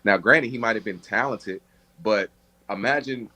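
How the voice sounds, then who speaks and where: A man's voice: lowish voice, moderate pace, sharp tone, rough recording. A man calling in as a fan, earnestly arguing his points about the team. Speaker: fan caller. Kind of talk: casual sports talk.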